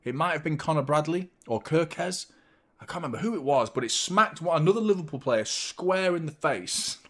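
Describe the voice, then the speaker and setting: A man hosting a live football watchalong, chatting casually with animated, sweary banter. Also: a little high, normal speed. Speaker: host of a football fan watchalong.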